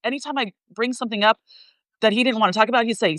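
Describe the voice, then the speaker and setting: A middle-aged woman in casual livestream chat, talking loudly and passionately, rambling with many fillers and restarts. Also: a little high, fast talker, no echo, rough recording. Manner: loud, passionate talker. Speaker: flight attendant sharing her story.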